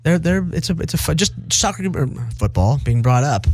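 A man co-hosting a casual chat, throwing in quick crude wisecracks. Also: on the high side, sing-song, darkish tone, dry recording. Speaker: co-host.

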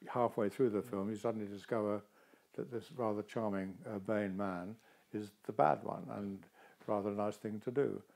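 A man's voice: lowish voice, moderate pace, creaky. An older man, an actor, talking in a casual interview and telling stories expressively. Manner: expressive, animated storytelling.

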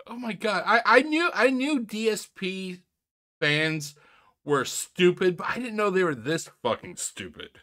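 Incredulous man with a lively, bright voice. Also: sits high, unhurried. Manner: incredulous, sarcastic, swears a lot, many restarts. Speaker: reaction video host. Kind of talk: mocking commentary on a clip.

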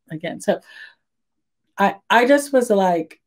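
A woman's voice: mid-range voice, expressive, measured pace. An older woman, a podcast guest, telling a story animatedly and acting out her own past words. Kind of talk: casual storytelling in an interview.

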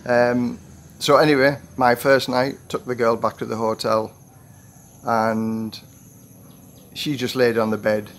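Gravelly retired man spinning a yarn. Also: mid-range voice, level tone, takes it slowly, fairly bright tone. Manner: rambling anecdotal telling with restarts and acted quotes. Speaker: vlogger. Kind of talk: storytelling monologue.

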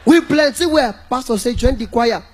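A man with a Nigerian accent doing stand-up comedy, animated and breaking into song and mock shouting. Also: extremely high pitch, moderate pace.

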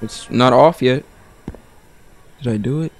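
A man's voice: mid-range voice, unhurried, slight background noise. A young man streaming a horror game, talking to himself and his chat in nervous, slangy bursts. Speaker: gaming streamer.

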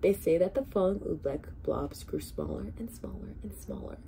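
A woman's voice: lowish voice, moderate pace, slight background noise. A woman reading a children's storybook aloud expressively as a volunteer reader. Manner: expressive, animated read-aloud.

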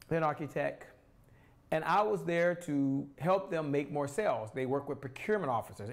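A middle-aged man hosting a sales talk show, coaching the viewer directly in an energetic, preachy way with many rhetorical questions. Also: sits high. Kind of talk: solo motivational sales talk to camera.

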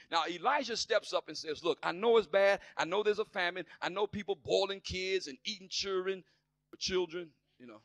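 Fiery high-voiced preacher with gravelly edge. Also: male voice, moderate pace, no room sound. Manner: impassioned, swings from near-shouting to quiet asides; plays skeptics in sassy put-on voices. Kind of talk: sermon.

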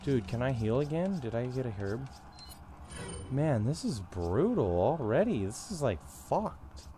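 A man giving gameplay commentary, frustrated and swearing, often yelling strings of repeated no's. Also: mid-range voice, sing-song, measured pace. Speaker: gaming YouTuber. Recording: noisy home recording.

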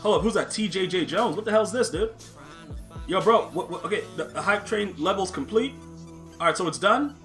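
A man's voice: sits high, animated, a little fast, a bit bright, soft background music. A man streaming a football video game live, talking brashly and casually to his chat, full of slang and trash talk. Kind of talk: live-stream gaming commentary.

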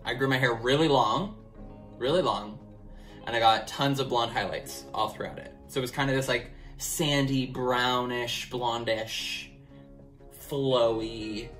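Young male vlogger, chatty and candid, mid-pitched, loose and rambling, soft music under him. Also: a little slow. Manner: chatty, rambling, many "like" fillers; candid and open. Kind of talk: casual chat to camera.

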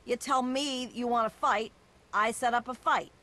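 A woman's voice: fairly high pitch, normal speed, sharp tone. An actress playing a brash, mocking woman who recruits fighters for deadly arena matches in a video game. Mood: taunting. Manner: taunting, brash.

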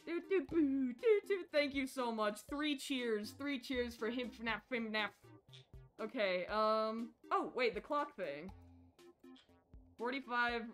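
A young woman streaming a game live, chatting casually with her viewers and getting excitable. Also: fairly high pitch, slow pace. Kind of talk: casual live-stream chat while playing. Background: faint background music.

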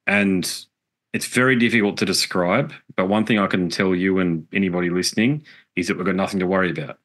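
Middle-aged man, very low voice, earnest and reflective, swears casually; interview guest. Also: fairly even intonation, brisk, fairly bright tone. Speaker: podcast guest, musician.

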